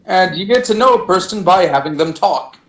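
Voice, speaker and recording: A man's voice: sits high, expressive, fairly quick, fairly bright tone, roomy sound, a little hiss or hum, poor audio. A man playing a tabletop role-playing game, explaining his character's intentions in a rambling way. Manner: rambling, full of fillers and restarts. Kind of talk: casual tabletop game chat.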